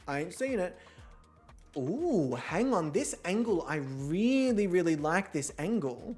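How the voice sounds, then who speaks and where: A man's voice: sits high, big pitch swings, slow, a little mellow, faint music behind. A young man hosting a model-show game, chatting casually in a campy, self-mocking way and swearing often. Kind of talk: casual gameplay commentary.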